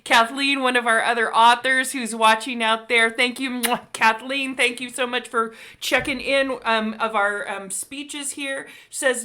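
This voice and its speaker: A woman's voice: a little high, steady tone, unhurried, few pauses, pushed and bright. A woman hosting an online author talk, gushing with emotion and praise over a video call. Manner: gushing, emotional, reads viewer comments aloud. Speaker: host. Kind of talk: effusive live-stream hosting.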